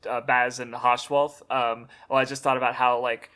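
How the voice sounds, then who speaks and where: A male guest in a casual discussion, talking haltingly with many fillers and restarts. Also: medium pitch, level tone, bright, forceful tone, clean tone.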